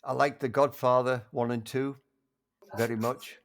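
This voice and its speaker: An older man reminiscing in a casual conversation, halting with frequent restarts and warmly enthusiastic. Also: mid-range voice, little pitch movement. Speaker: interview guest.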